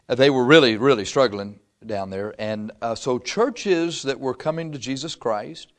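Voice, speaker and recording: A male pastor preaching a sermon in a conversational way. He chuckles often and reads scripture aloud. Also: medium pitch.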